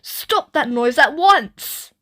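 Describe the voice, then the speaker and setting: Woman playing a stern storybook mum, scolding, slightly raised pitch. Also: expressive, slow pace, bright, forceful tone, exaggerated voice. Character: cross, stern mother of a small child.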